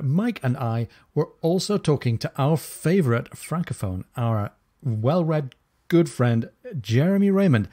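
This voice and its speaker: A man's voice: on the high side, warm tone. A man hosting a book discussion podcast, talking through funny passages with enthusiasm. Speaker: podcast host.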